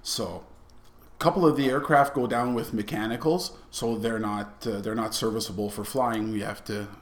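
A middle-aged man, a podcast guest telling a story in a casual, animated way and slipping into quiet asides. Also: fairly low pitch, moderate pace. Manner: animated, acts out the people in his stories, drops to quiet asides.

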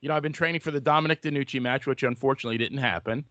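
A man's voice: medium pitch, rapid-fire, sharp tone, no echo, highs cut off. A man hosting a casual chat, joking in an upbeat way. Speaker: host.

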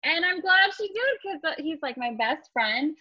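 A woman in her thirties, a podcast guest, telling a personal story in a casual, animated way, laughing often and acting out what others said. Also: high-pitched, normal speed, no echo, dull audio. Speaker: interview guest.

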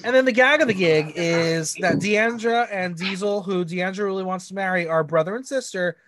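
A man co-hosting a casual recap podcast, snarky and gossipy, tossing out quick quips. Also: sits high, fairly bright tone, no echo. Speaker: podcast co-host recapping a reality show.

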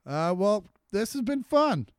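A man in his forties, a comedian co-hosting a podcast, spins loose, joking stories in easy chat. His voice sits a touch high and comes through smooth and resonant. The sound is dry and close to the mic. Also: unhurried, no room sound. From Kansas City, US. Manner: storytelling, joking, animated. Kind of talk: casual chat.

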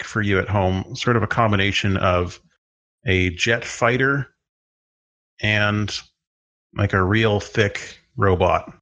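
Low-voiced man running a tabletop game. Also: a bit bright. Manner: unhurried, descriptive, with filler words. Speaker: game master.

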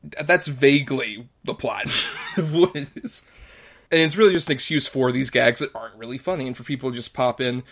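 A man's voice: mid-range voice, a little fast, a bit bright. A man co-hosting a casual movie review podcast, offering wry, dry criticism with lots of fillers. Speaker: podcast co-host.

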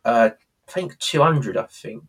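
Male co-host, husky, mid-pitched, loose rambling chat. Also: unhurried, fairly bright tone. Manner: rambling, full of restarts and "you know". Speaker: podcast co-host. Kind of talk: casual chat recapping a sitcom.

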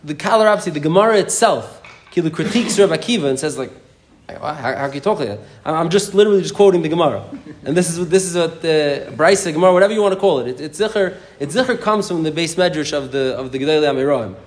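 A man with a somewhat high voice teaches an informal Talmud class at a racing pace. He tells the story in a lively way and keeps stumbling over his own sentence starts. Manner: rapid animated storytelling with frequent restarts. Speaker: Torah teacher.

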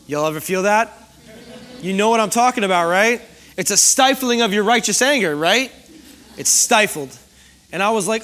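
High-voiced man preaching conversationally. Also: lively intonation, a little fast, fairly bright tone. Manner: conversational, asks the congregation questions. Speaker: pastor. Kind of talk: sermon. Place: church hall before a congregation.

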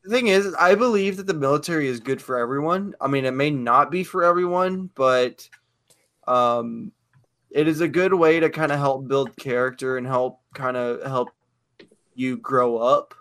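A man's voice: mid-range voice, moderate pace, fairly bright tone. A man co-hosting a casual podcast, blunt and opinionated, swearing freely. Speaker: podcast co-host.

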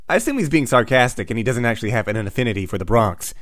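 A man's voice: medium pitch, lively intonation, racing, a bit bright, no room sound, clean studio sound. A man narrating a comic book recap with wry, sardonic asides.

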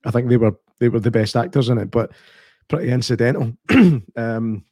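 A man's voice: medium pitch, moderate pace, no echo, clean studio sound. Laughing Scottish man reviewing films. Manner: animated, swearing, laughs often. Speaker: podcast co-host. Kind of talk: casual film review chat.

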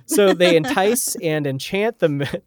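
A man's voice: high voice, expressive, unhurried. A man co-hosting a podcast, telling folklore in a loose, casual way, laughing often and swearing freely. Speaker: podcast co-host. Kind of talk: casual chat, reading folklore notes.

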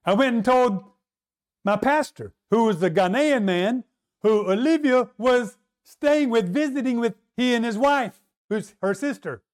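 A man's voice: very high-pitched, measured pace. A man preaching, telling a personal testimony in an earnest storytelling way and speaking straight to his congregation. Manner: earnest storytelling, addresses audience directly. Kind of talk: sermon testimony.

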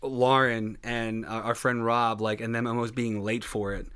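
A man's voice: medium pitch, level tone, normal speed, a bit bright, clean tone. A man co-hosting a podcast, chatting casually about films in a loose way full of fillers. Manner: loose, peppered with "like" and "you know". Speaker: podcast co-host. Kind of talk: casual film chat.

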